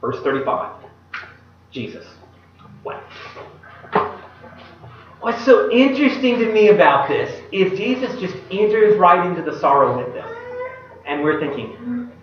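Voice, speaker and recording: A man's voice: high-pitched, very animated, normal speed, slight background noise. Man preaching in an echoey hall. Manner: acts out quoted speech in a casual modern voice; drops to a hushed voice at solemn moments. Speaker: pastor. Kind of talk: sermon with scripture reading. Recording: echoey hall, distant mic, dull sound.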